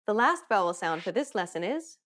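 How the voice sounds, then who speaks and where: A woman giving scripted narration for a pronunciation lesson, in a clear, even instructional delivery. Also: medium pitch, a little fast.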